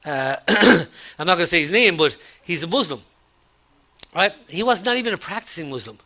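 A man preaching a sermon, talking conversationally through a personal story, with frequent restarts and an animated retelling of dialogue. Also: fairly high pitch, brisk. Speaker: pastor.

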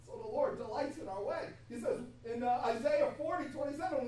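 A woman preaching a sermon in an animated, laughing way. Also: high voice, brisk, few pauses. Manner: animated, laughing, acts out God's voice. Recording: echoey hall from far off, faint hum.

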